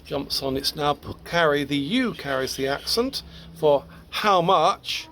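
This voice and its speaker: Slow, patient man teaching grammar. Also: fairly high pitch, expressive, a bit bright, slight background noise. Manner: patient, explanatory, with occasional small laughs. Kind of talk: recorded language lesson.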